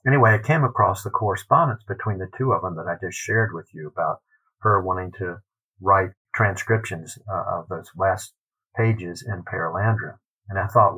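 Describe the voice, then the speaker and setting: A man, a literary scholar, telling an anecdote in a podcast interview, animated and acting out the quotes. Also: low voice, brisk, slightly rough, rough recording. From United States.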